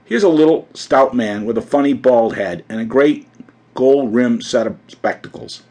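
A gushing, gossipy grand society hostess, as a man puts her on. The voice swoops through a lively, animated range with a slightly husky edge, bright with excited chatter. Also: mid-range voice, normal speed, close to an everyday voice.

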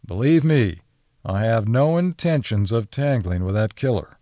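A steady farmer father gives firm orders to his family, as a male narrator plays him. His pitch moves a lot, and the audiobook sound is dry and close. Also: a little slow, dry recording. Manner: firm, commanding. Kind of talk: audiobook character voice.

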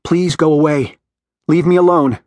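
A man's voice: on the high side, moderate pace, a little mellow, no echo, pitched above the performer's own voice, close to an everyday voice. A male narrator voicing a frightened young mother who pleads breathlessly. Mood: desperate.

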